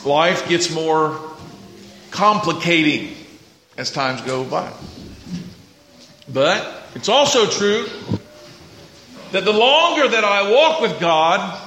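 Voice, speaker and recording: A man preaching a sermon as pastor, dropping to hushed prayer and rising to loud rapid exhortation, asking the congregation for responses. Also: sits high, lively intonation, roomy sound, slight background noise, low-quality recording. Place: church sanctuary.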